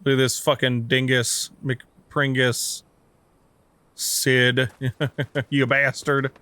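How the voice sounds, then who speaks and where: A man's voice: medium pitch, level tone, very slow, sharp tone, clear, resonant tone, no room sound. Tired man joking through a game. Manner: profane, jokey, rambling asides. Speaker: gaming channel host. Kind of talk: casual let's play commentary.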